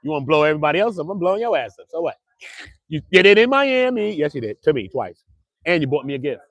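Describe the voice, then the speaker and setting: Guy hosting a live stream, loud slangy storyteller, slightly raised pitch, dry close sound. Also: big pitch swings, quick pace, dry recording. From Brooklyn, New York. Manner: boisterous, slangy storytelling with frequent laughs. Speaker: livestream host. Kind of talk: casual live-stream chat. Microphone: clip-on mic.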